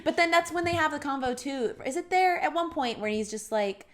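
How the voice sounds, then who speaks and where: Fast-talking woman chatting on a podcast. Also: high-pitched, lively intonation. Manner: rapid, chatty, full of fillers. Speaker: podcast co-host. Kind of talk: casual movie review chat.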